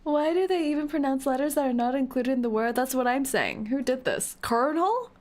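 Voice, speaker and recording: Giggly high-pitched woman streamer. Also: expressive, fairly quick, a little mellow. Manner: giggly and exaggerated, squealing in mock despair. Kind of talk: playthrough commentary reading game text aloud.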